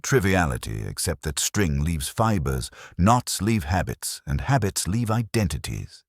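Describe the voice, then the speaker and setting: A man with a very deep, husky voice playing a calm, incisive aristocratic detective who speaks with quiet precision. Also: measured pace, dry recording, studio quality, exaggerated voice. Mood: measured.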